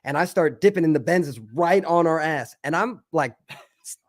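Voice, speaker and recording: In a casual podcast chat, a man tells an animated, profane story, acting out the voices of the people in it. His voice is on the high side at a moderate pace, and the recording is dry.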